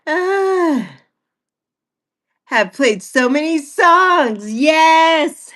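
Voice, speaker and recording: A woman's voice: high-pitched, a bit bright. A woman in her sixties hosting a casual livestream chat, chatty and repetitive, reading out viewer comments and laughing often. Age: 60s. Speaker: livestream host.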